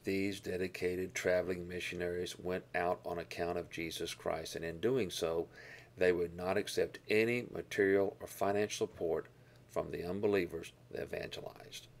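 A man teaching a Bible lesson, explaining verses and Greek words with deliberate emphasis on key words. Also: low-pitched, flat delivery.

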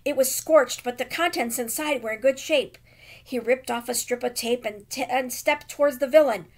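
A woman teacher reading a children's novel aloud with expressive, dramatic emphasis. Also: high-pitched, normal speed.

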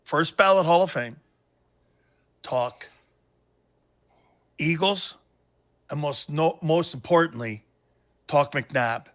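Bright, excitable man telling stories. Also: on the high side. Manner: excitable, rapid anecdotes. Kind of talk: animated storytelling chat.

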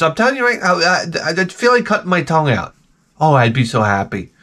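A man's voice: fairly high pitch, big pitch swings, fast, pushed and bright. A man with a New York accent hosting his channel, ranting in an exasperated, sarcastic and profane comic way. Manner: exasperated and sarcastic, heavy swearing. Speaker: retro game channel host.

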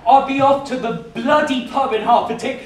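An actor playing a timid young boy who whines, pleads and shouts back at the other children. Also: very high voice, fairly even intonation, moderate pace. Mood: play-acting. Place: theatre stage. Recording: echoey stage from far off.

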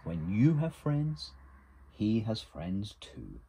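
Storybook elder: a man playing a wise old beaver, slow and kindly, low and warm, a little husky. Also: huge pitch swings, heavily acted. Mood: gentle. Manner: slow, gentle, explaining.

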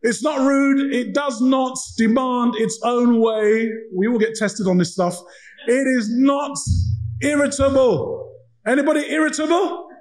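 Very high-voiced pastor preaching. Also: male voice, unhurried, rough recording. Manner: animated storytelling, acting out dialogue. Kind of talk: sermon.

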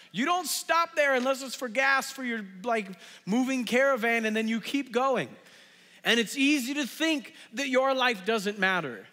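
A young man preaches in a church, and his tone is high and lively. He tells a story casually and uses many fillers. His voice carries long reverb from a large hall. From Southern California. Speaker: pastor. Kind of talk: storytelling sermon. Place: church sanctuary.

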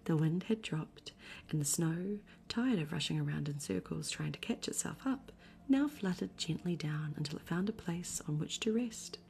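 A woman reading a bedtime story aloud in a soft, unhurried ASMR whisper. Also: sits low, creaky. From Australia. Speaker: ASMR streamer.

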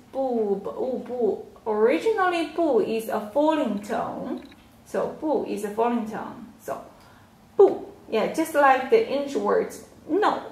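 Patient Chinese-accented woman teacher, very slow delivery, echoey room. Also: a little high, gravelly. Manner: slow, patient, repeats words and tones aloud. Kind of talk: whiteboard language lesson.

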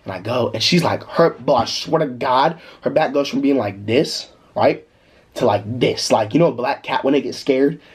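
A young man telling a story casually in a vlog, animated and slangy, breaking into laughter. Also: medium pitch, normal speed. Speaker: vlogger.

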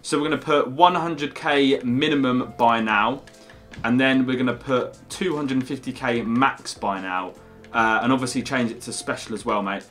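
A man's voice: mid-range voice, fairly even intonation, normal speed, a bit bright, faint music behind. A young man hosting a gaming video, chatty and upbeat, often calling his co-host "mate". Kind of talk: casual gaming video commentary.

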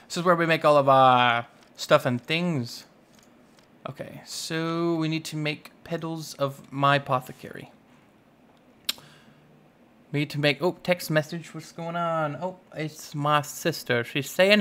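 A man's voice: on the high side, normal speed, a bit bright. A young man doing casual, playful commentary on his own gameplay, scolding the animals in the game and muttering to himself as he plays. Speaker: gaming YouTuber. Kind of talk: casual Let's Play commentary.

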